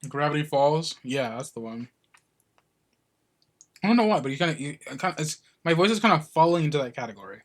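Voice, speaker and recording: A man's voice: a little high, big pitch swings, fairly quick, long pauses. A man streaming a game playthrough, chatting loosely and rambling, with casual swearing. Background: game music.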